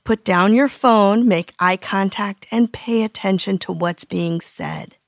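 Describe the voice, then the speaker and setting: A woman in her fifties hosting a parenting podcast, reading scripted tips in an earnest, gently humorous way. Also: medium pitch, no echo, clean studio sound.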